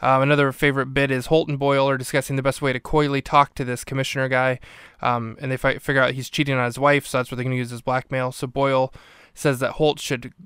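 A man's voice: medium pitch, flat delivery, quick pace, a bit bright, clear, resonant tone, no room sound, clean studio sound. A man hosting a podcast, casually recapping and ranking a sitcom episode in a rambling way, with plenty of ums and restarts. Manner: rambling, filler-heavy recap. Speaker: podcast host.

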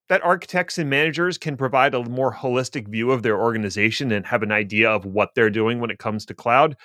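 A man's voice: on the low side, sharp tone, no echo. A man co-hosting a casual tech podcast, explaining things at length with dry, self-deprecating humor. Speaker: podcast co-host.

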